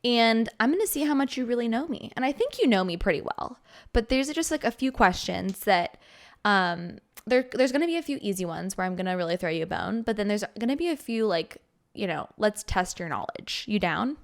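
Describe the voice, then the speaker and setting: A woman in her twenties hosting a casual podcast chat, playful and giggly, talking in quick bursts. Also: mid-range voice, animated, creaky. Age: 20s. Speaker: podcast host.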